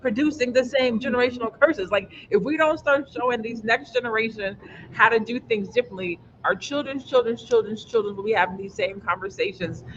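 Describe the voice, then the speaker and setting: A man's voice: very high-pitched, a little fast, fairly bright tone, lo-fi sound, slight background noise. A man hosting a livestream panel discussion, earnest and stumbling over his words, with a slight lisp from teeth aligners.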